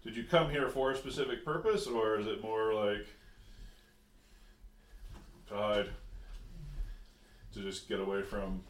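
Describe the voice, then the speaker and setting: A man running a tabletop game, asking a player questions in a relaxed, joking way. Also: on the low side, measured pace, long pauses, recorded from a distance. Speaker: game master. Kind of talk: casual tabletop game chat. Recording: echoey room, faint noise.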